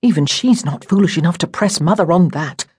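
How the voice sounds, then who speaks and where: A woman's voice: on the low side, animated, brisk, darkish tone, slightly rough. A woman voicing an irritable boy who mutters and growls at his little sister, in a storybook reading. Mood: annoyed.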